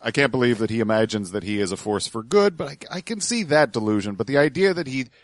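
A man's voice: mid-range voice, animated, fast, no echo. A man co-hosting a podcast, giving sardonic, dismissive commentary on clips. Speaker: podcast co-host.

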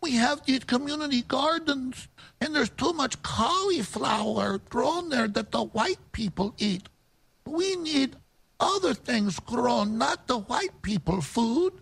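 A man doing a mocking high-pitched impression of a female politician, his own gravelly tone still underneath. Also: expressive, slow, fairly bright tone, exaggerated voice, low-quality recording.

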